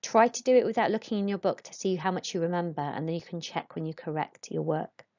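A woman teaching a recorded Spanish lesson, giving clear, patient instructions and saying Spanish words aloud. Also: fairly low pitch, quick pace, darkish tone, highs cut off.

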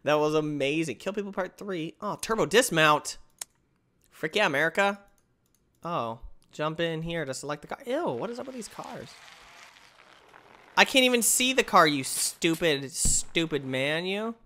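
A man giving excited gameplay commentary, yelping, exclaiming and trash-talking as he plays. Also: fairly high pitch, normal speed. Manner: excitable, yelps and exclaims loudly; trash-talks the game. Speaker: gamer.

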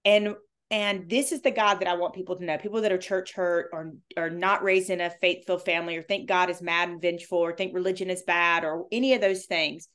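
A woman's voice: fairly low pitch, fairly even intonation, fairly quick, a bit bright. Woman guest on an interview, emotional and earnest, stumbles and repeats words when moved. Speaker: author and guest. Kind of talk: heartfelt faith conversation.

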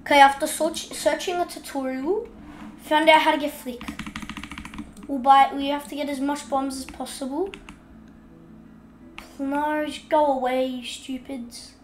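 High-voiced woman chatting over gameplay. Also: steady tone, measured pace, pauses often, reverberant, a little hiss or hum. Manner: chatty, scolds the game's fish out loud. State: has the hiccups. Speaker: gaming video host. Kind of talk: casual gameplay commentary.

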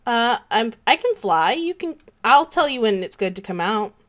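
A woman hosting a gaming channel, chatting casually and excitably as she plays alongside a partner. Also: a little high, normal speed. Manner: bubbly, excitable, chatters to herself. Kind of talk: casual gameplay chat.

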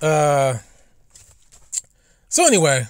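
A man's voice: fairly high pitch, sing-song, extremely slow, clear, resonant tone, no room sound, clean studio sound. A man telling stories in a casual, rambling monologue, blunt and profane, often stumbling over and repeating his words as a commentary host.

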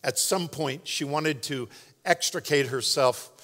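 A man preaching a sermon as pastor, in a relaxed, joking, conversational way. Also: fairly high pitch, measured pace. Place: large church sanctuary. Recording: long hall reverb.

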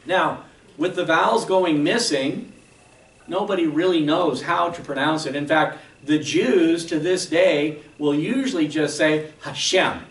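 A man's voice: on the high side, unhurried, echoey room, recorded from a distance, rough recording. A man preaching a sermon as a pastor, explaining patiently and often checking in with "okay?". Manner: explanatory teaching, frequent "okay?" check-ins. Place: church sanctuary.

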